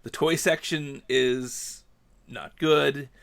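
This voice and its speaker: A man's voice: mid-range voice, very slow, creaky. A man on a podcast, casually telling a story and acting out the dialogue with rising animation. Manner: animated, acts out dialogue, gets heated. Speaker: podcast host.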